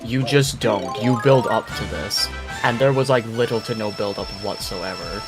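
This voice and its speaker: A young man co-hosting a stream, telling stories in a casual, animated, swearing manner. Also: on the low side, moderate pace, music in the background. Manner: animated, profane storytelling. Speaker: co-host streamer.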